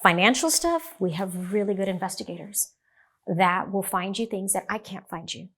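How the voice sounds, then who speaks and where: A middle-aged woman, a divorce lawyer, talking in an animated storytelling way and acting out the dialogue. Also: medium pitch, moderate pace. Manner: animated, acts out quoted dialogue. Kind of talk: storytelling in a podcast interview.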